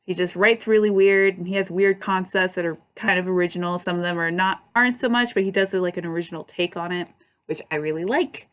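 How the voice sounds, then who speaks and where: A woman's voice: on the low side, brisk, a bit bright, clean tone. A young woman vlogging at home, chatting casually and rambling with lots of fillers and restarts. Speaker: book vlogger. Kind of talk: casual chat. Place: at home by her bookshelves.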